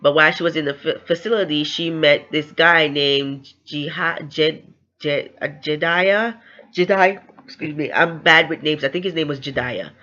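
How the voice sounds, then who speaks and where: A woman's voice: low voice, normal speed, pushed and bright, dull audio. A woman giving a casual book recap, chatty and loose, often slipping into the characters' lines as she retells the story. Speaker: book reviewer.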